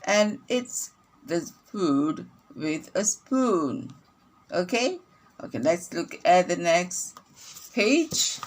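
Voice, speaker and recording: Lady teacher reading to little kids, super slow, says everything twice. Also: fairly low pitch, sing-song. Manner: slow, deliberate, repeats each sentence for children. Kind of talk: reading lesson for young children.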